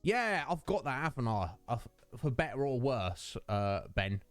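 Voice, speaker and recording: Lively chatty streamer, late thirties. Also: male voice, mid-range voice, measured pace, smooth, no echo, faint music behind. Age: 30s. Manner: chatty, greets viewers by name, laughs often. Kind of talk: casual chat with livestream chat.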